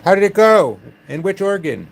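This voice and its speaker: A man's voice: high-pitched, sing-song, moderate pace, creaky, background noise. A man hosting a livestream from a gaming club, chatting casually and joking with viewers. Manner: wry, joking with chat. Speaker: livestream host.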